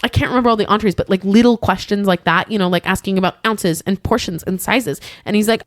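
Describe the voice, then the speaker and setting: A woman co-host telling a story over a podcast mic, lively in the way she acts out everyone in it. Her voice sits at an ordinary pitch, and the sound is dry and close, with no room around it. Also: fast, hardly any pauses, no room sound. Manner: animated retelling, acting out quoted guests and staff. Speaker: hotel front desk supervisor. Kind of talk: casual storytelling chat.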